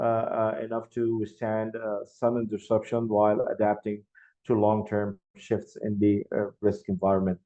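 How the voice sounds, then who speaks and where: Halting man giving a lecture. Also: medium pitch, dark tone. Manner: halting, many filler sounds and restarts. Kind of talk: academic presentation. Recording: dull lo-fi sound.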